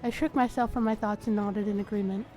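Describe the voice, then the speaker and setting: A woman host reading a story game's first-person narration aloud in a steady manner. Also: medium pitch, fast, faint music behind.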